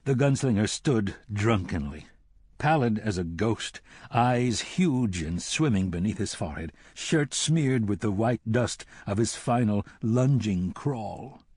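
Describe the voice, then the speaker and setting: A man narrating a novel as an audiobook in a measured, solemn storytelling manner. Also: on the low side, expressive, darkish tone, husky, dry recording, studio quality. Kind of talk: scripted narration.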